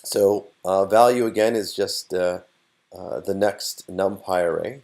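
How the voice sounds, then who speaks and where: A man's voice: low-pitched, steady tone, measured pace, vocal fry, darkish tone. A man teaching a programming course, explaining step by step with frequent fillers as he types. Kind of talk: screen-recorded coding tutorial.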